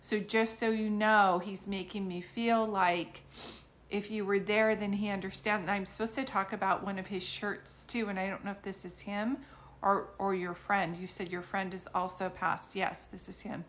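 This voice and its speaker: A woman's voice: mid-range voice, little pitch movement, moderate pace, fairly bright tone, a little hiss or hum. A middle-aged woman doing psychic readings on a live stream, talking in a chatty, rambling way with many restarts and fillers.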